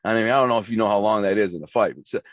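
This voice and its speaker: A man's voice: on the low side, rapid-fire, no echo. A man being interviewed, telling his life story in a rambling, emphatic way with slang and restarts. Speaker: interview guest.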